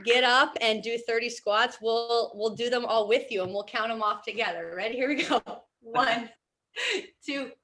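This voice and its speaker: A young woman with a slightly high voice, presenting as a PE teacher over a video call. She sounds upbeat and encouraging, with light giggles and plenty of fillers. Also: fairly even intonation, normal speed, few pauses, sharp tone, a little hiss or hum. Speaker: PE and health teacher.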